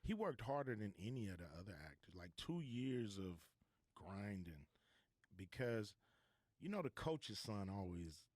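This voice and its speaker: A man as a podcast guest, telling a story in a laid-back, slangy, animated way. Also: fairly low pitch, measured pace, no room sound. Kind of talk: casual storytelling.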